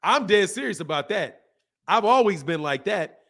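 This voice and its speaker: A man hosting a boxing livestream, talking in a slangy, animated way and laughing often while reading out viewer messages. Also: high-pitched, normal speed, vocal fry. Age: adult, a father. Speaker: boxing channel host. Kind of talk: casual livestream chat.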